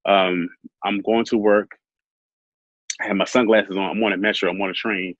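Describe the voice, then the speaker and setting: A man telling his own story as an interview guest, soft-spoken and halting with many fillers. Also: on the low side, level tone, dry recording, highs cut off.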